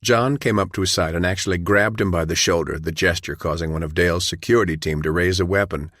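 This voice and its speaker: Low-voiced male audiobook narrator. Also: fast, fairly bright tone, no room sound, studio quality. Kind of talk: scripted narration.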